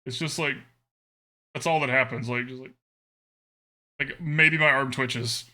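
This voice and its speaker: A man's voice: medium pitch, fairly even intonation, unhurried, sharp tone. A man streaming a card game live, chatting casually with his viewers and laughing often. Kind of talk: live gameplay commentary.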